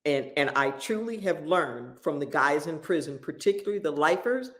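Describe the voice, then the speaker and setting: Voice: mid-range voice, expressive, moderate pace, a bit bright. A pastor telling a story in a sermon, impassioned and repeating key phrases for emphasis.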